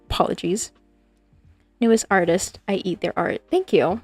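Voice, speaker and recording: A woman's voice: mid-range voice, normal speed, long pauses, breathy edge, no room sound, soft background music. A woman streaming as a digital artist, chatting casually and playfully with her viewers in a rambling way. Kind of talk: casual livestream chat with viewers.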